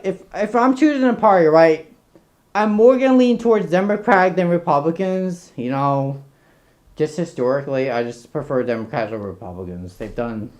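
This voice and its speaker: A man giving casual reaction commentary as a content creator, rambling, excitable and swearing a lot. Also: on the high side.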